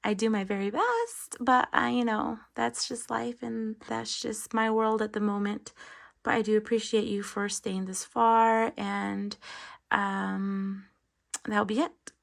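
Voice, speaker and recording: Raspy, apologetic woman counting cash at home. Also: a little high, slow pace. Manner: apologetic, rambling, counts money aloud. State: slightly out of breath. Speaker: budgeting channel host. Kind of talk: casual talk while counting cash. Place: home at night.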